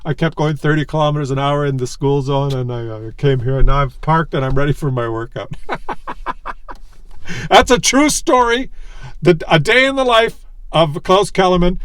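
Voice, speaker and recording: A man vlogging from his parked car, telling an animated, digressive story and chuckling as he goes. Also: fairly high pitch, moderate pace. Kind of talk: rambling storytelling monologue.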